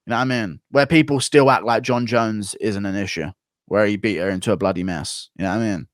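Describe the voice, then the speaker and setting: A man's voice: on the low side, fairly quick, dry recording, clean studio sound. Profane, ranting American streamer man. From United States. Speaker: streamer host. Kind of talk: livestream commentary, reading donations.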